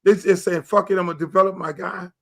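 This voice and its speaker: A middle-aged man hosting a sports talk show, animated and profane, acting out quoted dialogue as he rants. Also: sits high, quick pace, vocal fry. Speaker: show host.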